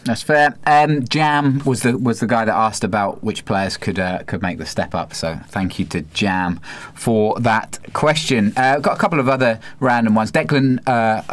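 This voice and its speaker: A young man talks football on a podcast in an easy, relaxed manner, his voice sitting fairly low. He chats loosely with his co-host and now and then slips into a mock accent for fun. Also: normal speed. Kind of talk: casual football chat.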